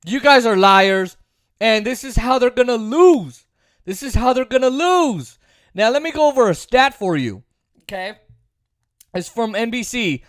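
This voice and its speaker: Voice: medium pitch, very animated, normal speed, dry recording, clean studio sound. A political commentary host giving a sarcastic, opinionated monologue, repeating points for emphasis. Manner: sarcastic, mocks opponents in put-on voices.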